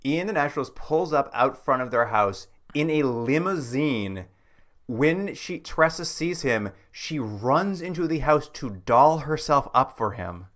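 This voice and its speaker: A man's voice: on the high side, animated, a little slow, a bit bright. A man co-hosting a podcast, recapping a TV show in casual chat with wry jokes and frequent laughs. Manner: wry, joking asides, laughs often. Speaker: podcast co-host.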